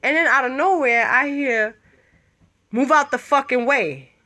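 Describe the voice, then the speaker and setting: Woman radio host, 30s, high-pitched, lively, swears a lot, casual storytelling. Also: unhurried. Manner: animated, profane, laughing.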